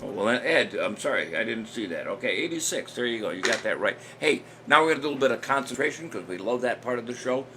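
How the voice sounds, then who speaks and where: Running a casual trivia live stream with music in the background, this older man talks fast and animatedly at a medium pitch, barely pausing. He's chatty and full of jokes, laughing at his own lines.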